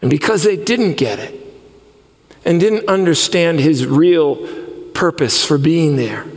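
A man preaching a sermon with passion, his voice swinging between high excited calls and low hushed moments. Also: creaky, in a large hall. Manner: impassioned preaching, voice rising and falling widely. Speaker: pastor.

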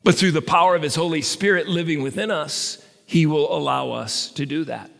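A man's voice: fairly high pitch, moderate pace, creaky, fairly bright tone. A male pastor preaching a sermon in a conversational way with stammered restarts, recorded in a reverberant hall.

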